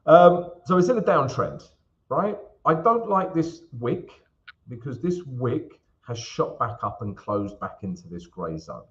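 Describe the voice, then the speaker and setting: A man's voice: mid-range voice, very animated, unhurried. A man hosting a live market analysis stream, chatting casually and calling his viewers guys and mate. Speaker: trading livestream host. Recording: dull lo-fi stream audio.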